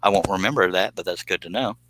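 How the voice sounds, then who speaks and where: A man's voice: low-pitched, quick pace, noisy background. A man chatting casually on a live stream, reading viewer comments and joking around with a rambling, laugh-prone manner. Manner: joking, rambling, laughs at his own jokes.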